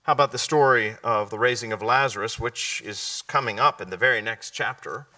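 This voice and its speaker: A man preaching a sermon, often asking his listeners questions and answering them, sometimes dropping to a hushed, slow delivery. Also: medium pitch, distant mic. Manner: drops to a hushed, slow delivery at key points.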